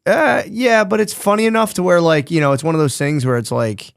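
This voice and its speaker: A man's voice: high-pitched, brisk, creaky, clean tone, dry recording, clean studio sound. Laid-back joking podcast co-host man. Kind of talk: casual podcast chat.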